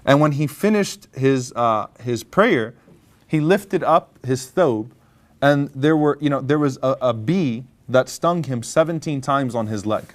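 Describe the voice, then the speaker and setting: Male lecturer, mid-pitched voice, casual storyteller who acts out quotes and mixes in Arabic phrases. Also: measured pace. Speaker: imam giving a lecture.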